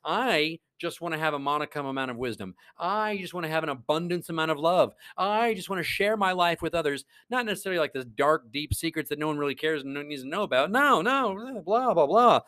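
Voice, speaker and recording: A man's voice: on the high side, quick pace, few pauses, fairly bright tone, clear, resonant tone, no room sound. A man hosting a podcast, giving a casual faith-based monologue in an earnest, rambling way, with many stammered restarts. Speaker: podcast host.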